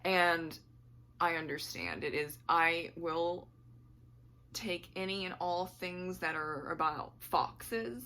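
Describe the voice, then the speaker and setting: A woman's voice: on the low side, slow, bright, forceful tone. A woman book vlogger chatting casually to camera at home, rambling and laughing often, her voice slightly worn.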